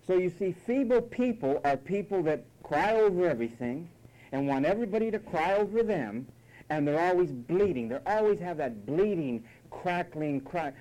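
A man's voice: high-pitched, expressive, moderate pace, dark tone, poor audio. A man preaching a sermon, emphatic and mocking, at times imitating whiny voices.

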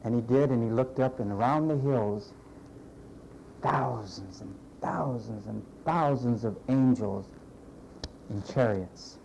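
A man preaching a sermon in a conversational, animated way, acting out the voices of the people he quotes. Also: medium pitch, slow, creaky, slight background noise, rough recording. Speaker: pastor.

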